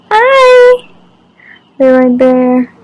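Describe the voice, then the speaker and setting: Woman, lifestyle vlogger, casual talk to camera, eager and chatty, faint background noise. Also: medium pitch. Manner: chatty, excited, talks straight to viewers. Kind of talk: casual vlog narration to camera.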